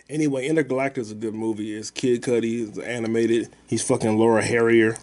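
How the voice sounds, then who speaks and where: A man's voice: mid-range voice, steady tone, fast talker, few pauses, darkish tone. A man hosting a podcast, rambling through stories and movie talk in a loose, profane, slangy way. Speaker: podcast host. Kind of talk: casual podcast chat.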